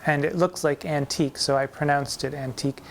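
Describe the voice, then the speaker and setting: A man's voice: fairly high pitch, fairly even intonation, slight background noise. Man in drag hosting a poetry lesson: playful, theatrical, leans hard on the verse. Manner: playful, theatrical, recites verse slowly and emphatically. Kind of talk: campy poetry lecture with recitation.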